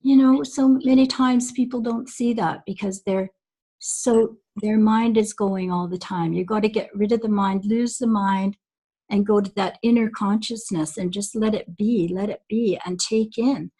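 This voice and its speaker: A woman's voice: mid-range voice, steady tone, measured pace, dark tone, breathy edge, rough recording. A woman guest on a recorded call, telling stories from long ago in a reflective, rambling way with many fillers. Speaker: guest recalling early days.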